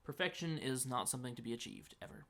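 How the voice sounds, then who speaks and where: A man's voice: medium pitch, lively intonation, fast talker, a bit bright. A man co-hosting a casual live-stream chat, making blunt, dry and contrarian remarks.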